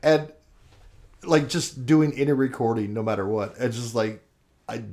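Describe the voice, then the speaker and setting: A man's voice: mid-range voice, normal speed, darkish tone, echoey room. A man co-hosting a casual podcast chat, gushy and emotional, who swears freely. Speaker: podcast co-host.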